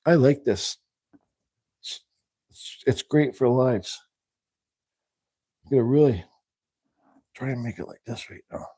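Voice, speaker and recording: A man's voice: medium pitch, slow, long pauses, dark tone, breathy edge, no room sound. A man hosting a live carving stream, rambling casually as he works and answers viewers. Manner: rambling, thinks aloud while working; reads viewer questions aloud. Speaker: woodcarving livestream host. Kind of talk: casual live demonstration chat.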